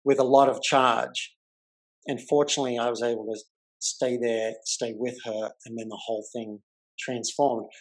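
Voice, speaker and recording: Here a podcast host speaks at a moderate pace with medium pitch. He tells his story informally and with animation, doing the voices of the people involved.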